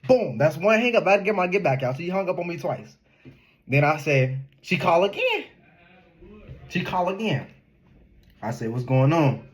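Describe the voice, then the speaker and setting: A young man telling a casual storytime in an animated, slangy way, laughing often. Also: sits high, moderate pace, long pauses, husky. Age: young adult. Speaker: vlogger.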